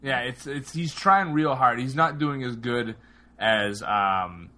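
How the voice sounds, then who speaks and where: Male co-host, bright forceful tone, animated and incredulous recap. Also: medium pitch, slow. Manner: animated, incredulous, quotes characters mockingly. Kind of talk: casual discussion of a TV episode.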